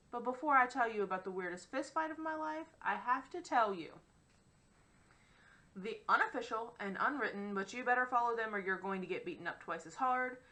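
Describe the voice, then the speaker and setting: A woman reading a first-person novel aloud as an audiobook narrator, in a wry, expressive storytelling manner. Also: medium pitch, rough recording.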